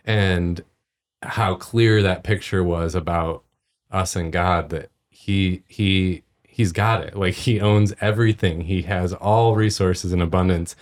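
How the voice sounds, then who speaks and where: A man's voice: deep voice, fairly even intonation, slow pace. A man in his thirties, a podcast co-host, telling a personal story in a casual faith discussion, laughing often.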